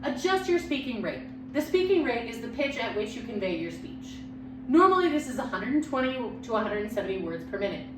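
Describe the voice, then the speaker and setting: A woman lecturing on public speaking with a loud voice and lively, expressive pitch. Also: brisk. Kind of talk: recorded lecture. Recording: echoey room, mic far off, background hum.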